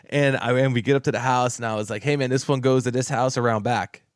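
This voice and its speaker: Man, mid-pitched voice, dry close sound, animated storyteller, repeats words, laughs through quotes. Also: a little fast, no room sound. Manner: swears casually. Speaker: podcast co-host telling a story. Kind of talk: casual storytelling chat.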